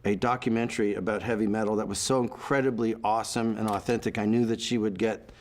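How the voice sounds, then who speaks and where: A man recalling his film career in an interview, telling animated stories with quoted voices. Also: on the low side, fast. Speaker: actor being interviewed. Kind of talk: anecdotal interview storytelling.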